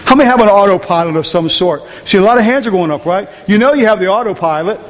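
High-voiced preacher in a reverberant hall. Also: male voice, animated, quick pace. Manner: conversational preaching with many rhetorical questions to the congregation. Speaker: pastor. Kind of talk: sermon. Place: church hall.

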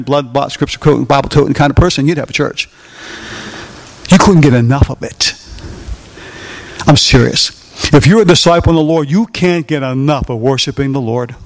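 A middle-aged man preaching from the pulpit in a notably high voice. He drives each point home by hammering lines again and again. He keeps throwing questions out to the congregation. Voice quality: emphatic, asks the congregation questions and repeats key lines. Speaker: pastor. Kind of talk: sermon.

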